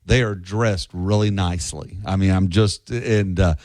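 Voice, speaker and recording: A man co-hosting a local radio talk show, telling stories in an animated, chatty way. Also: low voice, a little slow, no room sound, clean studio sound. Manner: animated storyteller, does street-vendor impressions. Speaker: radio co-host. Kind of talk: casual radio chat. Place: radio studio. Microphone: studio mic.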